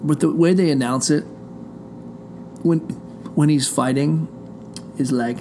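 Gravelly middle-aged man, rambling and profane. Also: mid-range voice, fairly even intonation, unhurried, long pauses, noisy background. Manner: profane, digressive, talks straight to listeners. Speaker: show host. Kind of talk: rambling casual monologue. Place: indoor room behind a closed door.

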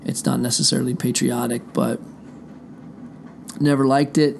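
A middle-aged man with a gravelly, fry-laced voice rambles through a casual monologue, swearing freely and drifting from one thought to the next. He speaks at an everyday pitch, straight to his listeners from a room indoors, with faint noise underneath. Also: level tone, normal speed, pauses often, a little mellow. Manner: profane, digressive, talks straight to listeners. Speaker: show host. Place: indoor room behind a closed door.

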